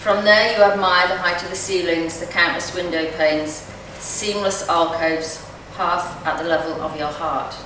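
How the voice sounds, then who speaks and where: Brief: woman poet reciting her own verse, slightly low voice, distant mic in a very echoey hall. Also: fairly even intonation, a little slow, hardly any pauses, bright, forceful tone, a little hiss or hum. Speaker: poet reading at a community event. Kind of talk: poetry reading. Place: community event venue.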